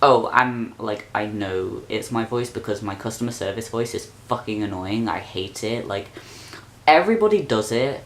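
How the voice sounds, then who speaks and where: A man's voice: lowish voice, fairly even intonation, normal speed, few pauses, fairly bright tone. A young man, talking straight to camera in an exasperated, sweary rant for his vlog. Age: young adult. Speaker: vlogger.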